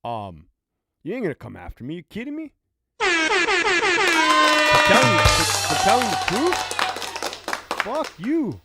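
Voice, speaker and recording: A man's voice: high-pitched, huge pitch swings, a little slow, long pauses, over loud music. A man hosting a casual livestream, talking profanely and reading out viewer comments. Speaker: livestream host, former prison officer.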